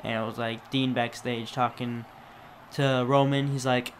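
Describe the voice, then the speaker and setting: A man's voice: medium pitch, flat delivery, unhurried, a little hiss or hum. A man co-hosting a casual review chat, teasing and chatty. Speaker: podcast co-host.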